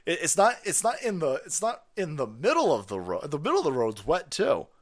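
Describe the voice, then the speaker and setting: A man's voice: a little high, huge pitch swings, fairly quick, over music. A man hosting a live stream, ranting in a profane, sarcastic way and laughing often. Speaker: streamer host.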